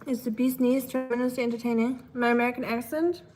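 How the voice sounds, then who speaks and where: A woman hosting a casual live cooking stream, chatting with viewers in a relaxed way. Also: fairly high pitch, fast talker, music in the background. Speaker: livestream cooking host.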